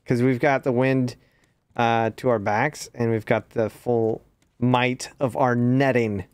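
A man in his forties hosting a game stream, easygoing and quick to laugh. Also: mid-range voice, steady tone, darkish tone, clean tone, dry recording. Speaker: streamer host. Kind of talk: casual gaming chat.

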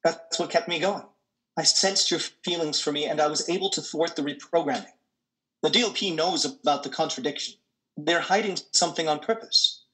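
An earnest transhuman android. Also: male voice, on the high side, moderate pace, pushed and bright, rough recording. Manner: earnest, urgent. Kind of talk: audio drama reading.

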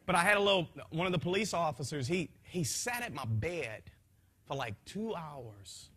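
A man telling his testimony to a church gathering, swinging from hushed lines to shouting, repeating phrases, speaking in a folksy way. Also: fairly high pitch, expressive, moderate pace, slightly rough.

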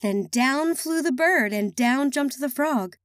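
A woman reading a children's picture book aloud in an expressive, sing-song way. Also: high-pitched, takes it slowly, no echo, clean studio sound. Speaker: children's story reader.

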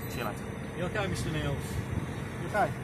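A man's voice: a little high, lively intonation, fast. A male police officer answering tersely and deflecting questions from his car on the street. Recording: loud street traffic noise.

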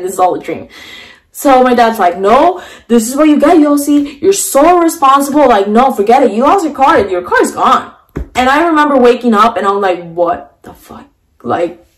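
A young woman vlogger telling a storytime tale in a chatty, animated way, full of fillers and asides. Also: mid-range voice, low-quality recording. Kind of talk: storytime vlog.

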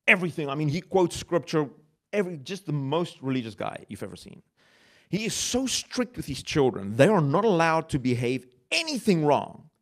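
A male pastor preaching a sermon, talking in a conversational way, asking the audience questions and laughing at himself. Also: medium pitch. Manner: conversational, with self-mocking laughs.

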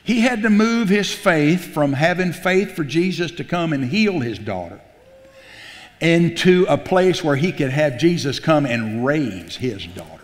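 A pastor preaching a sermon, telling the story in a folksy, animated way, acting out the quotes and often restarting his sentences. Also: a little high, unhurried. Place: church sanctuary. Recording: long hall reverb.

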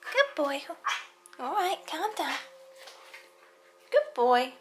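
High sing-song woman. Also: big pitch swings, extremely slow, music in the background. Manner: coos at a dog in a sing-song voice. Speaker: vlogger. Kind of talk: casual home vlog.

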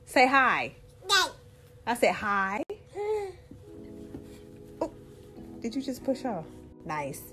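A woman's voice: medium pitch, very animated, extremely slow, long pauses, bright, forceful tone. A woman filming her children at home, coaxing and teasing them in a playful, casual way. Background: music.

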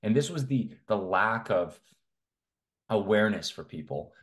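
A man's voice: on the low side, animated, measured pace, a bit bright. A man from Canada, a men's health coach, talking as a guest in a casual interview in a blunt, opinionated way. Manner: blunt, opinionated, talks in long runs.

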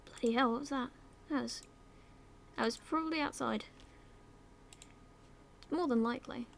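A woman's voice: on the high side, moderate pace, vocal fry, slight background noise. Chatty British woman gaming commentary. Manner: chatty, drops into whispers and silly voices, swears casually. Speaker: gaming YouTuber. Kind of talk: casual let's-play commentary.

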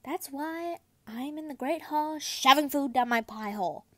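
A woman's voice: sits high, a little slow, no echo. A young woman reading fanfiction aloud, casual and giggly, often tripping over words. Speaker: fanfiction reader.

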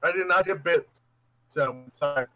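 Goofy high-voiced man gamer. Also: moderate pace. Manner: goofy, playful. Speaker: guest player. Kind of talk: casual chat while playing a board game online.

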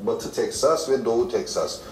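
A man's voice: mid-range voice, normal speed, darkish tone. A male actor talking confidently in an interview clip, explaining things at length. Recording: echoey, distant, with faint room noise.

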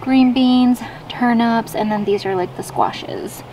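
A woman's voice: fairly high pitch, slow pace. A woman vlogging at home in a casual, chatty way, often laughing and poking fun at herself. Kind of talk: casual vlog chat. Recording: noisy home recording.

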